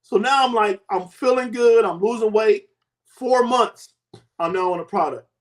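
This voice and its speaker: Speaking at a moderate pace, this man in his fifties, who works as a host and health coach, recounts something from his own life with big, emphatic sweeps of pitch and volume.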